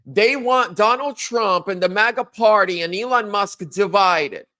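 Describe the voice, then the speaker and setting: A man in his thirties hosting a casual political monologue, animated, acting out quotes in a higher voice. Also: measured pace. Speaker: political commentary host.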